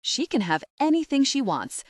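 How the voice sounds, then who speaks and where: A woman's voice: sits high, big pitch swings, normal speed, no room sound, clean studio sound, voice pushed up. A woman voicing a breezy, insistent older mother in an audiobook. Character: pushy doting older mother.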